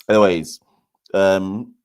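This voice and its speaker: A man's voice: sits low, steady tone, slow, darkish tone, clean tone. A young man hosting a live cricket watchalong, chatting casually to viewers in a loose, self-deprecating way. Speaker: podcast host.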